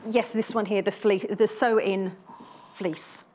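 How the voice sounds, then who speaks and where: A woman's voice: medium pitch, fairly even intonation, a little slow, a little mellow. A woman explaining her bag-making samples step by step on a TV shopping craft show. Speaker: guest bag maker.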